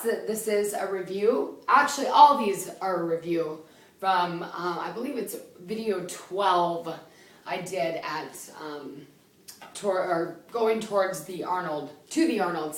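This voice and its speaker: A woman's voice: fairly low pitch, measured pace, recorded from a distance. Breathless woman fitness instructor, echoey room. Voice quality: loud voice. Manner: chatty, counting reps, laughing at herself. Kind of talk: home workout instruction. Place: small indoor room.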